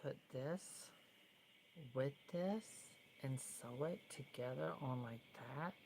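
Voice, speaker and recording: A woman's voice: very deep voice, takes it slowly, a little hiss or hum, rough recording. A woman talking casually as she works on a doll, chatty and opinionated, sometimes dropping to a whisper. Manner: chatty, opinionated, drifts between soft whispers and fuller speech. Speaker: doll customizer vlogger. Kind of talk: casual tutorial vlog.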